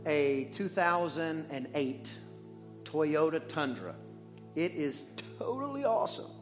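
A man preaching a sermon in church as the pastor, animated and joking, swinging between loud and hushed. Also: on the high side.

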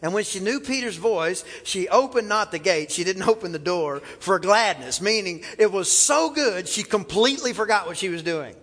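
A male pastor preaching a fervent sermon, building to shouts and calling on the congregation to answer back. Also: high-pitched, animated, moderate pace, few pauses, big-room sound. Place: church sanctuary.

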